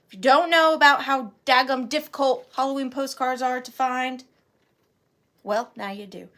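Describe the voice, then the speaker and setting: A woman's voice: sits high, normal speed, fairly bright tone. A woman running a live vintage auction, chatting playfully and counting down bids. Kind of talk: casual live sale chat.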